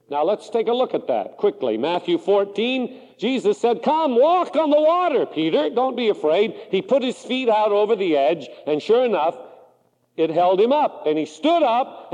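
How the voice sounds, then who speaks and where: A man preaches a sermon in a high voice that rises and falls with dramatic, lively swings. The recording carries the long, ringing reverb of a church hall. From Pacific Northwest.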